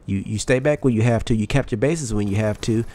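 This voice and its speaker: A young man with a heavy Southern US twang talks briskly in a lowish, mellow voice over his gameplay. As a YouTube commentator giving casual motivational talk, he's candid and rambling and swears freely.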